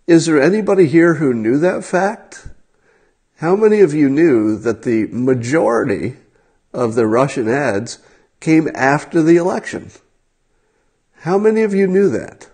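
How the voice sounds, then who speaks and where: A man's voice: medium pitch, lively intonation, normal speed, a little mellow. A man hosting a casual livestream, talking straight to his viewers in a wry, incredulous way. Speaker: livestream host.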